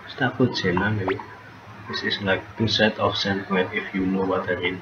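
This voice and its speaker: Guy doing casual let's-play chat, swears a lot, low voice, lo-fi noisy mic. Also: little pitch movement, normal speed, echoey room. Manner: chatty, swears and laughs at the game. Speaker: gameplay streamer. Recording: dull lo-fi sound with noticeable background noise.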